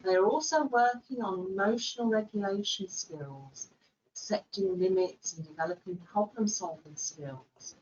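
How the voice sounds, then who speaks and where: Slow, lively-voiced woman teaching. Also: medium pitch, highs cut off, a little hiss or hum. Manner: gentle, animated, with playful voices. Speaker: early years practitioner. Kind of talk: instructional demonstration.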